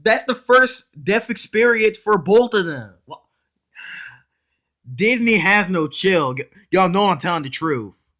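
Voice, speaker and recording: A man hosting a casual reaction video, excitable and blunt, talking in slang straight to his viewers and cutting in often to comment. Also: sits high, measured pace. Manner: excitable, blunt and profane, keeps interrupting with "hold up".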